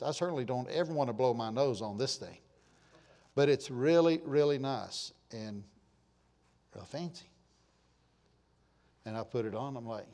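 A man preaching a folksy, joking sermon to his church, swinging between loud and quiet. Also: medium pitch. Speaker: pastor.

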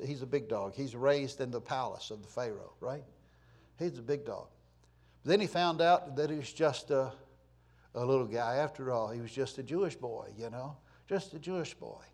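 A man preaching a sermon, reading scripture loudly and with emphasis, then dropping to quiet, plainspoken asides. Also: mid-range voice.

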